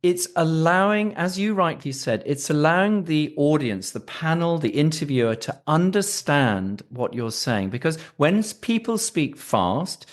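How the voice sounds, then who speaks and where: A man with a British accent, a voice coach explaining his methods in an expressive, coaching way during a podcast interview. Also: a little slow, hardly any pauses. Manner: expressive, coaching tone with lively pitch. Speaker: executive voice coach.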